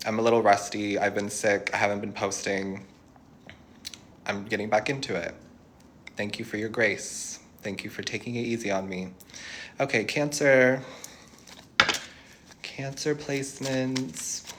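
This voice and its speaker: A man's voice: lowish voice, fairly even intonation, unhurried, pauses often, noisy background. A young man giving a tarot reading to viewers, reassuring and thinking aloud as he channels messages. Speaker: tarot reader.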